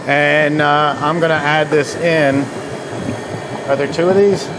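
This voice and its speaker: Against background noise, a middle-aged man with a fairly high, steady voice slowly demonstrates frozen dessert recipes in a kitchen. The ice cream machine company head is a folksy, chatty storyteller who says "uh" often.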